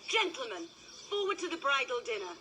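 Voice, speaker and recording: Brief: a high, bright-voiced defiant stage bride. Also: female voice, sing-song, brisk, slight background noise, full character voice. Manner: declaiming verse. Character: Kate, a defiant fiery bride.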